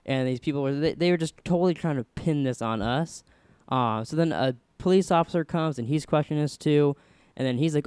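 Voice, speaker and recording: Smooth-voiced young man telling a story. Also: on the high side, brisk, no echo. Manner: rambling, animated retelling. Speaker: podcast host. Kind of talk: casual storytelling.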